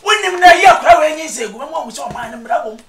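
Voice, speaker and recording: Ghanaian elder: high, bright, declaiming, heard roomy and off-mic. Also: male voice, lively intonation, quick pace, far from the mic, very noisy. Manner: emphatic, declaiming, repeats his words.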